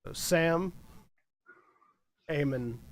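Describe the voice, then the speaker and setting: A man's voice: fairly high pitch, drawn-out words. A man playing in a tabletop game, joking around and stumbling over character names while describing what he does. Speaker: player.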